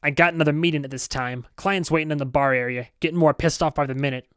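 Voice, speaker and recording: A man's voice: fairly high pitch, fairly even intonation, quick pace, fairly bright tone, smooth, no room sound, studio quality, close to an everyday voice. A man voicing a small, oily older businessman who is impatient and talks in a brusque, clipped, dismissive way. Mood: curt. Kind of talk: audiobook character voice.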